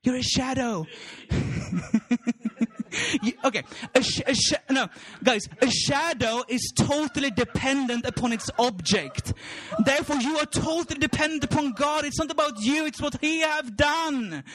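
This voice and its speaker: A man with a very high voice preaches with bursting enthusiasm. He laughs often, stumbles over repeated words and rises into shouts when he gets excited. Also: a little slow. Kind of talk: sermon.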